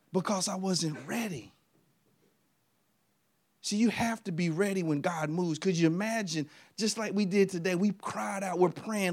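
A middle-aged American man preaching a lively sermon, telling personal stories and swinging between loud punches and quiet asides. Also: sits high, normal speed. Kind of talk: energetic sermon.

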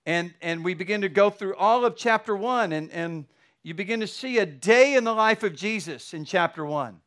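A man's voice: sits high, animated, normal speed, fairly bright tone. A middle-aged man, a pastor, preaching a sermon with fervent, building emphasis.

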